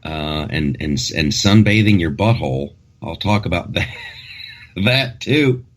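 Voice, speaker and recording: A man's voice: deep voice, animated, measured pace. A man hosting a casual comedic talk show, rambling and joking with frequent restarts.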